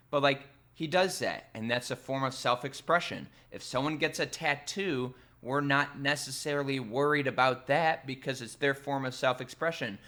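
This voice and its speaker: Bright-voiced man ranting about football. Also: medium pitch. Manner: animated, emphatic, quick asides. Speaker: sports radio producer and vlogger. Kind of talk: casual opinion rant to camera.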